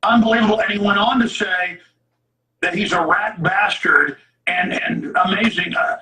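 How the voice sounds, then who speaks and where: Urgent male radio host, high sharp voice, steers the talk. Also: moderate pace, roomy sound, distant mic, low-quality recording. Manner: urgent, directing the conversation.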